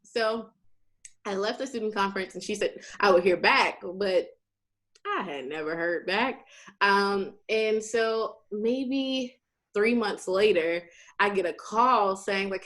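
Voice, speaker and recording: A woman's voice: medium pitch, takes it slowly. A young woman from Louisiana, a guest telling stories in casual chat and acting out the conversations in them. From Shreveport, Louisiana, USA. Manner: animated, plays out conversations in quoted voices.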